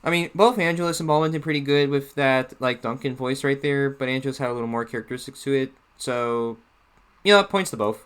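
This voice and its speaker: A man's voice: medium pitch, a little fast, fairly bright tone, smooth. A man giving casual video commentary, talking hesitantly with many restarts. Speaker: YouTuber.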